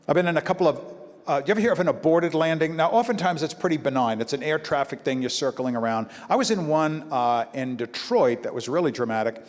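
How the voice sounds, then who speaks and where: Brooklyn comedian telling stories in a big hall. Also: male voice, a little high, fast. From Brooklyn, New York. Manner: animated storytelling with acted-out voices. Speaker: comedian and motivational speaker. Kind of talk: stand-up comedy talk to an audience. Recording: live hall with long reverb, faint ambience.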